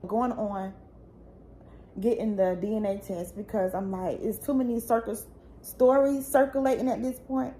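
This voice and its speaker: A young woman with a fairly high, dark-toned voice tells her own painful family story at a moderate pace. Her tone is steady at first, but she becomes raw, tearful and pleading, rising as she gets upset, with slight background noise behind her.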